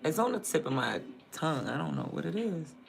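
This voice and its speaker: A man's voice: on the high side, sing-song, fairly quick, creaky, a little hiss or hum. A man from Prince George's County with a DMV accent, chatting casually on a livestream, rambling and thinking aloud as he trails off mid-sentence. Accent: DMV (Washington, D.C. area). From Prince George's County, Maryland. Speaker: streamer.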